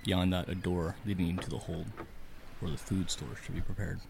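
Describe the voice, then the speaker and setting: A man's voice: deep voice, level tone, fairly quick, vocal fry, background noise. A man narrating a tabletop game as game master in a dramatic storytelling manner.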